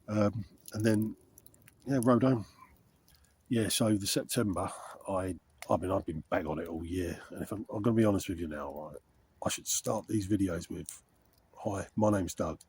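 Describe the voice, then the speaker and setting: A man's voice: low voice, moderate pace, darkish tone, a little hiss or hum. A middle-aged man chatting candidly and rambling to camera while camping outdoors in a frosty wood. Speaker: wild camping vlogger. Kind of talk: casual rambling chat to camera.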